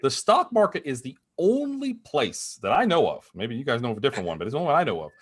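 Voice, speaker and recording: A man's voice: mid-range voice, very animated, quick pace. A man speaking as a guest market strategist on a video call, explaining with energy, frequent restarts and little acted-out quotes. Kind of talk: animated conversational explanation.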